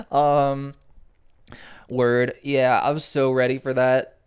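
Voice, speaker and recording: A man's voice: medium pitch, little pitch movement, extremely slow, smooth. A young man co-hosting a podcast in loose casual chat, swearing freely and laughing often. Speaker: podcast co-host.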